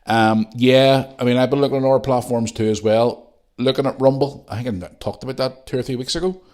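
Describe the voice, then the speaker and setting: A man's voice: medium pitch, steady tone, brisk, darkish tone. A middle-aged man with a Northern Irish accent, hosting a podcast and chatting casually as he reads out listener messages, with jokey, rambling asides. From Northern Ireland. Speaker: podcast host.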